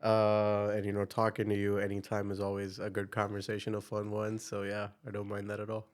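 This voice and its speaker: A young man from India with an Indian accent, a podcast guest telling his story in an upbeat, energetic way with plenty of fillers. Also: fairly low pitch, a little fast. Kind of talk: casual interview chat.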